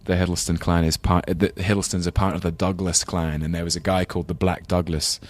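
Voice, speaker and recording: A deep-voiced man with a London English accent chats as a podcast guest. He talks thoughtfully and often stops to restart his sentences. His voice sounds close and dry. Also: flat delivery, brisk, dry recording. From England. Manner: thoughtful, hesitant, full of ums and restarts. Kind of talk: casual interview chat.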